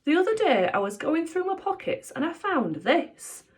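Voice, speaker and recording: A woman's voice: high voice, sing-song, moderate pace, pitched above the performer's own voice. A woman voicing an earnest, kind young boy who talks in an eager, heartfelt way in a storybook.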